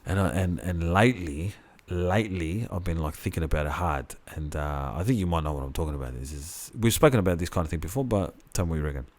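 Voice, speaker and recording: A man's voice: sits low, fast talker, few pauses. A man co-hosting a podcast, rambling in casual chat with plenty of swearing and restarts. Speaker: podcast co-host.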